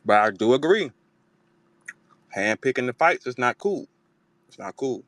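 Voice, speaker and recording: Brief: profane, animated male talk host, mid-pitched, dry mic. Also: unhurried, no room sound. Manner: profane, animated, slips into mocking voices when quoting. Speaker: host of a battle rap talk space. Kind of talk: casual chat. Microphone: online audio room.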